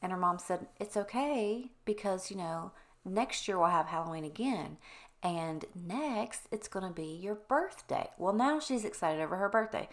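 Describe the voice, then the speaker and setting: A woman's voice: mid-range voice, animated, normal speed. A middle-aged woman chatting casually to her viewers in a voice-over, rambling candidly and drifting off on tangents. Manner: candid and conversational, addresses viewers directly. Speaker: home cleaning vlogger.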